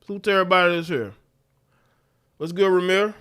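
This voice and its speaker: A man's voice: high voice, a little fast, smooth. A man hosting a livestream, ranting in casual commentary with repeated phrases and laughs. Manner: animated, repetitive ranting with laughs. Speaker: livestream host.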